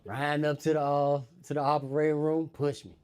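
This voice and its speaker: A man performing stand-up comedy on stage, telling a story in an animated way and talking straight to the audience as y'all. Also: a little high, brisk.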